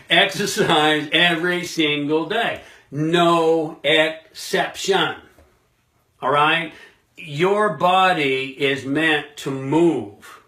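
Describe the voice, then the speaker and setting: A man's voice: a little high, a bit bright, roomy sound. A man giving a motivational self-help talk straight to his viewers, emphatic and punchy, with lots of repetition and rhetorical questions.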